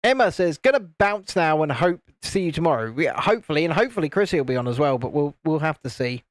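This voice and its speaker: On a live stream, a British man builds LEGO and chats casually, teasing his friends, imitating them in higher voices, and reading viewer comments aloud. He talks fast in a sing-song way, with no echo on the audio.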